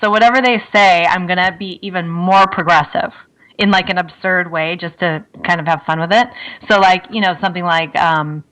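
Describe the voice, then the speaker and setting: A woman's voice: fairly low pitch, normal speed, fairly bright tone, poor audio. A woman from Minnesota, a guest on a talk show, chatting in a wry way and laughing often. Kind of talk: podcast interview chat.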